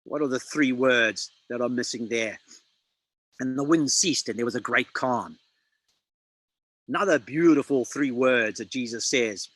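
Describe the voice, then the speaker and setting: A man preaching a sermon, dramatic and emphatic, quoting scripture with slow pauses. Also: medium pitch, fairly bright tone, no room sound, low-quality recording.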